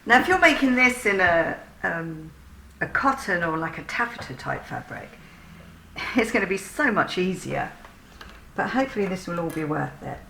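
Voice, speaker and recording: A woman's voice: lowish voice, sing-song, moderate pace, gravelly, bright, forceful tone, roomy sound, a little hiss or hum. A woman chatting through a sewing tutorial, laughing often and poking fun at herself.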